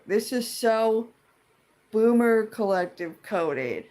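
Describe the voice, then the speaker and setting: A woman ranting in a casual vlog, profane, rambling and indignant as she vents like a fed-up tenant. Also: mid-range voice. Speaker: tenant venting about a dispute.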